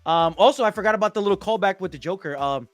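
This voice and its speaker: A man casually discussing a movie at home, excitedly retelling scenes and acting out the characters. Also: sits high, quick pace, dry recording, soft background music. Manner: excitable, acts out scenes with voices and hums. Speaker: podcast host.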